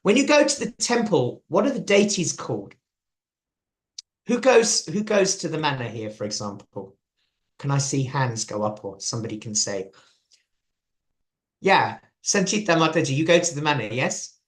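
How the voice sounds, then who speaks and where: English guy giving a devotional talk, chatty, kinda high voice swinging up and down a lot. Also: expressive, moderate pace, long pauses. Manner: chatty, asks audience questions. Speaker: preacher.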